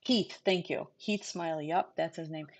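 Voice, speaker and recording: Her voice is deep and her pace moderate. Originally from New York, she hosts a laid-back true-crime livestream, speaking straight to viewers in a chatty, digressive way.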